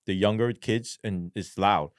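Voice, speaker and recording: A man's voice: fairly low pitch, a little slow, clear, resonant tone, no room sound, studio quality. A man telling a story as a podcast guest in a casual, profane, slangy way, rambling with lots of fillers. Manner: animated, acts out quoted voices.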